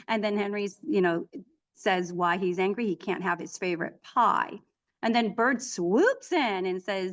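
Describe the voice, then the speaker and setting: A middle-aged woman talking casually as a guest in an interview. She tells her stories in an animated, chatty way, often restarting her sentences. Her voice sits at an ordinary middle pitch. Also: measured pace. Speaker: author and equine therapist, guest.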